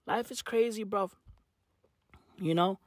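A woman delivering a profane comedic rant, full of slang, dropping to low mutters and then jumping to high shouted outbursts. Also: takes it slowly, no room sound. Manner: heavy slang fillers. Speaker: comic ranter.

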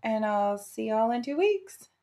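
Slow gravelly woman podcast host. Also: a little high, sing-song. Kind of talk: casual podcast sign-off.

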